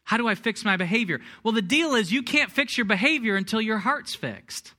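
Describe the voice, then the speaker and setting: A man's voice: high voice, expressive, fairly quick, bright, forceful tone. A middle-aged man preaching a sermon, telling a personal story with self-deprecating humor before turning to scripture. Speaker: pastor.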